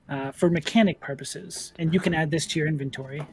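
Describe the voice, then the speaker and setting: A man with a slightly high voice serves as dungeon master, narrating a tabletop game in a relaxed, descriptive way and reading out the game rules.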